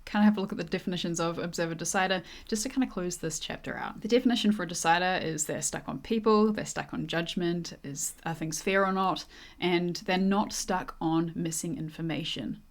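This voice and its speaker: Lady teaching a personality typing class, lowish voice, goes through definitions one by one. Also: brisk. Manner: methodical, lays out definitions step by step. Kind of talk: explanatory lesson commentary.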